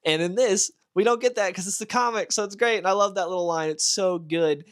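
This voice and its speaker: A man's voice: high voice, brisk, smooth. Enthusiastic young man reviewing comics. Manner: enthusiastic, gushing. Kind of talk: casual review vlog.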